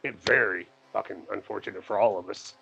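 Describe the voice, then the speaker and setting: A man's voice: fairly low pitch, fairly even intonation, a little fast, gravelly, sharp tone, muffled recording, faint music behind. A man co-hosting a podcast, casually reviewing a movie in a rambling, profane way, laughing often and acting out the characters. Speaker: podcast co-host.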